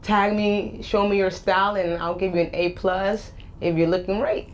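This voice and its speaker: A woman's voice: mid-range voice, steady tone, moderate pace, slight background noise. A woman in her forties with a Boston and Spanish accent, a guest life coach speaking in an upbeat, emphatic interview chat. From Boston, USA. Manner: upbeat, emphatic, repeats key phrases.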